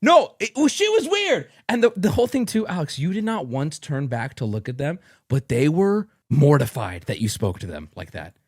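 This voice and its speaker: A young man streaming, telling a story to his chat in a casual, profane way with loud outbursts. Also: a little high, huge pitch swings, normal speed, few pauses, no room sound, studio quality.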